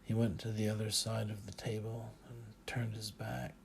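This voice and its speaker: A man narrating a first-person audiobook in a measured, dry manner. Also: lowish voice, level tone, gravelly, slight background noise.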